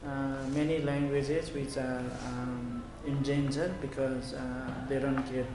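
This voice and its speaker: A man with a Nepali accent giving a measured lecture, with frequent fillers. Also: mid-range voice, flat delivery, music in the background. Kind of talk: lecture on language policy. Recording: echoey room with clear noise.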